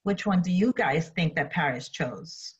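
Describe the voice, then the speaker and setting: Teacher, female, breathy voice, slow and deliberate, repeats herself, dull lo-fi sound. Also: deep voice, animated. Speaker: English teacher. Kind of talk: online class lesson and story read-aloud.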